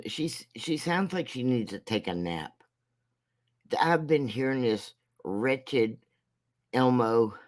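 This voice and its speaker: A man giving a casual commentary rant as a vlogger, rambling and mocking, with halting restarts. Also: medium pitch.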